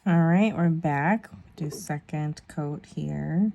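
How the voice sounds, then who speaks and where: Woman in her 30s, nail vlogger, mellow and gravelly, chatty rambling delivery. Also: low-pitched, takes it slowly. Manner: chatty, rambling, self-deprecating asides. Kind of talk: casual tutorial chat.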